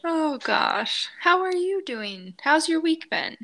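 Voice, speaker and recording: A woman's voice: very high voice, very animated, slow, pushed and bright. A woman co-hosting a podcast in casual chat, easygoing and supportive. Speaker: podcast co-host.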